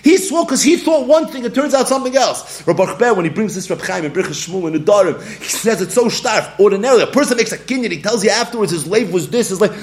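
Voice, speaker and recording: A man with a Yeshiva English accent teaching a Talmud class, animated and acting out little scenes in different voices. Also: sits high, quick pace, few pauses, a little hiss or hum.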